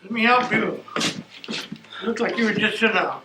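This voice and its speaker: An actor playing a loud man confronting a drunk intruder in a film scene. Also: sits high, moderate pace, natural voice, rough recording. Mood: confrontational. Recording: film clip with clear music behind.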